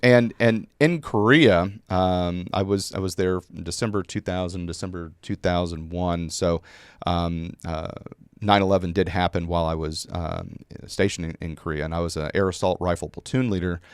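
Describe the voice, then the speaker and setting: Deep-voiced man telling an army story. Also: fairly even intonation, normal speed, clear, resonant tone, no echo, clean studio sound. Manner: rambling with many fillers and restarts. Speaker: guest. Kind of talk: storytelling in a conversation.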